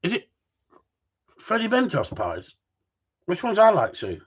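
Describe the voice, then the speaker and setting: A man rambles and jokes to his viewers, swearing casually as he goes. His voice is husky and a little rough. The sound is dull and lo-fi. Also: high voice, huge pitch swings, a little slow. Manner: rambling, swears, jokey banter. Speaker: livestream host. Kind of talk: casual chat to a live audience.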